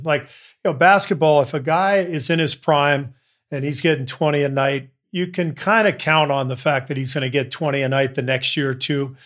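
A man's voice: on the high side, fairly bright tone. Man asking a thoughtful interview question. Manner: reflective, builds a question out of a long observation. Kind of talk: conversational interview.

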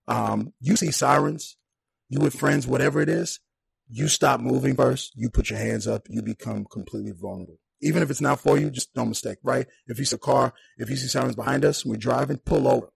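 A young man telling a personal story on a podcast in a casual, animated way, acting out the people in it. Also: medium pitch, a little fast, creaky, breathy edge, no room sound. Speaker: podcast guest.

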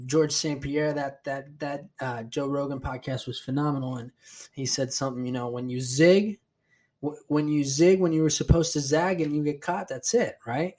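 A man's voice: mid-range voice, darkish tone, slightly rough. A man hosting his own podcast alone, rambling casually, swearing a lot and restarting sentences. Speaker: podcast host. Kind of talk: solo casual chat.

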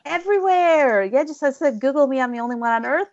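A woman's voice: sits high, animated, fast, dry recording, muffled recording. A woman of Bengali heritage, an author chatting as an interview guest, laughing often and teasing herself. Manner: giggly and self-mocking. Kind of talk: casual interview chat.

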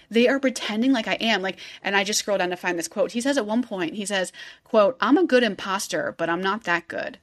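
A woman's voice: medium pitch, fairly bright tone. A woman in a casual podcast chat, telling the story loosely and full of filler words. She acts out the people she quotes and laughs along as she goes. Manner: chatty storyteller, heavy 'like', acts out quotes, laughs often. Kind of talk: casual true-crime chat.

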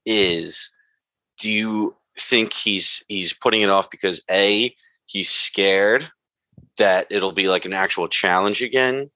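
A man's voice: lowish voice, takes it slowly, bright, forceful tone, no room sound. A man co-hosting a casual recap chat, eagerly putting questions to the others. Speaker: podcast co-host.

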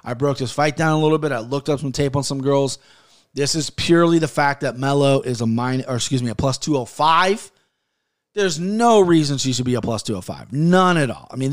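A man in his thirties hosting a casual podcast, ranting with plenty of swearing and then giving fight betting picks. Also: mid-range voice. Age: 30s. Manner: heated, profane, rambling.

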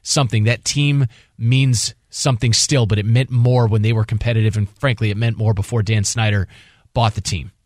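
A man's voice: lowish voice, fairly even intonation, moderate pace, a little mellow, dry recording, studio quality. A man hosting a sports radio show, talking passionately and rambling with restarts. He grew up in the Washington D.C. area. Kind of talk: casual sports talk.

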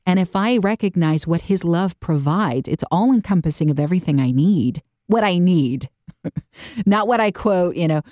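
A woman hosting a faith-based podcast, chatting and telling stories with animated, lively delivery and quick jumps into voices. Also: on the low side, dry recording, studio quality. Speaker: podcast host.

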